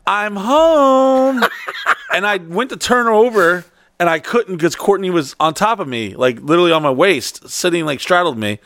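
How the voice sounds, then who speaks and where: Lively, profane man in a dry room. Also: on the high side, fairly quick, no room sound. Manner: profane, excitable storyteller. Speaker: podcast host. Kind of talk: casual storytelling chat.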